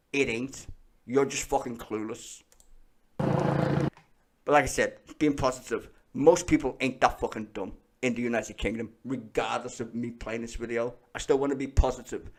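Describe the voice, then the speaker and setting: Young scouse guy streaming, swears nonstop, heated and blunt, pretty average pitch. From Liverpool, England. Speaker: streamer reacting to videos. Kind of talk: casual ranting commentary.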